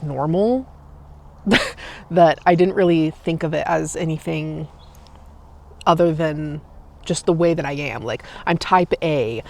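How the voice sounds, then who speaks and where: A woman's voice: low-pitched, a little mellow. A woman in her late twenties chatting casually as a vlogger, full of "like" and "um" fillers, eating a snack while she talks. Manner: chatty, loose, many "like" and "um" fillers. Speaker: vlogger and streamer. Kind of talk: casual chat. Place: outdoors, in a park.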